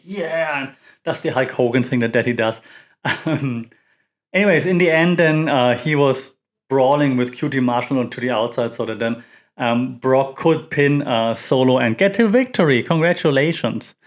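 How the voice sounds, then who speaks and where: A man hosts a casual wrestling recap podcast in a mid-range voice. He talks in a loose, chatty ramble, full of fillers and quick restarts. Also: medium pitch. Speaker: podcast host.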